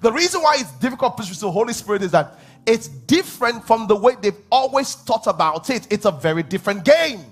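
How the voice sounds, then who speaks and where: Male pastor, husky and animated, swings his pitch a lot while preaching. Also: a little fast, soft background music. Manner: animated preaching with laughs and acted-out asides. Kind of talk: sermon. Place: church hall.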